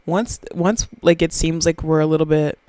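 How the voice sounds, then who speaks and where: A woman's voice: deep voice, steady tone, normal speed, mellow, dry recording, poor audio. A woman, rambling through a profane, self-mocking solo podcast chat very close to the microphone. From Southern US. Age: 20s. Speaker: podcast host.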